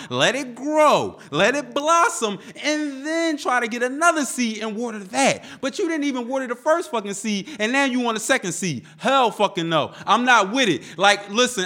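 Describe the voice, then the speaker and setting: A man's voice: high voice, pushed and bright. A man hosting a hip-hop podcast, ranting in a heated, profane, emphatic way. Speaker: podcast host. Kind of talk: casual ranting podcast talk.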